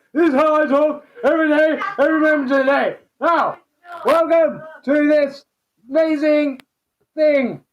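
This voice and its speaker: A man putting on a squeaky frantic newsreader. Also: poor audio. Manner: frantic, rapid, exclamatory. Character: hyper, frantic male newsreader, overexcited and silly. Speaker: host. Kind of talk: comic mock news show.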